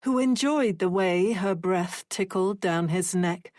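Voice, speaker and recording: A woman narrating an audiobook thriller in a measured, even storytelling manner. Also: lowish voice, dry recording, clean studio sound.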